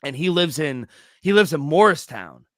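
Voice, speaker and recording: Bright-voiced man telling a rambling story. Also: fairly high pitch, animated, moderate pace, no echo. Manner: rambling storyteller, profane, laughing. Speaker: podcast co-host. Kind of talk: casual chat.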